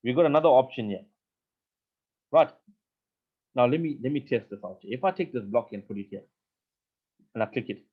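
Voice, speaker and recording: A man's voice: medium pitch, lively intonation, normal speed, pauses often, husky. Man teaching coding over tinny audio. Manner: patient, step-by-step explaining, often repeats words. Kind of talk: live online coding lesson.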